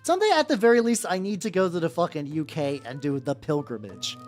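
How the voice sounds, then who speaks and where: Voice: mid-range voice, expressive, fast. A streamer from the United States chatting casually while painting miniatures, rambling and swearing often. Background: faint background music.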